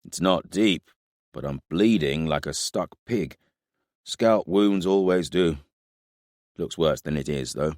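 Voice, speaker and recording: A man voicing a battered veteran soldier, gruff and wry. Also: low-pitched, slow pace, darkish tone, no room sound, studio quality. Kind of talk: audiobook character voice.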